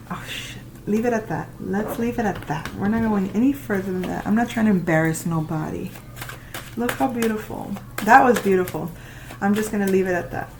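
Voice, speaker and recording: A woman doing a casual tarot reading, talking to the listener and reacting out loud with exclamations as she turns the cards. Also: mid-range voice, a little fast, background noise. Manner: chatty, exclaims and laughs while reading cards. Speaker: tarot reader.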